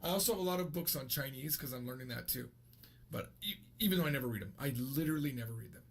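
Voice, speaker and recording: Talking fast in a mid-range voice, a US language teacher in his thirties rambles chattily through a casual video lesson. He corrects himself along the way.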